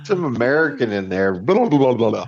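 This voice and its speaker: A man's voice: mid-range voice, sing-song, fairly quick. A man co-hosting a casual podcast chat, making wry asides. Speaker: podcast co-host. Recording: dull lo-fi sound.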